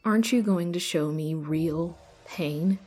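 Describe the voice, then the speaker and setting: A woman voicing a feral, bloodthirsty young girl in a horror story who cannot feel pain, manic at times and eerily calm at others. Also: fairly low pitch, slow, faint music behind. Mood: whispered taunting.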